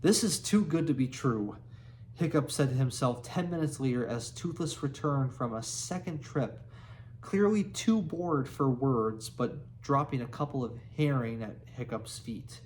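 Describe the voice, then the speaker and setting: A man's voice: medium pitch, a little slow, darkish tone, a little hiss or hum. A man reading a children's book aloud, laughing now and then and restarting words. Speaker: reader.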